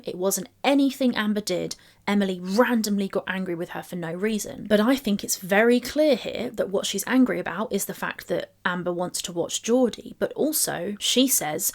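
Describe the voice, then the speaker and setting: Woman reading texts aloud. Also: medium pitch. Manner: reads screenshots aloud and picks them apart. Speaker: commentary YouTuber. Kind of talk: commentary on text messages.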